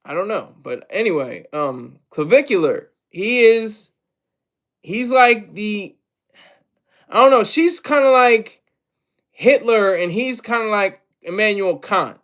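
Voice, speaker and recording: Brief: male livestream host, high pitch, loose rambling commentary with lots of fillers. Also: expressive, slow pace, fairly bright tone. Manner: rambling, repeats himself, many fillers; asks viewers for tips.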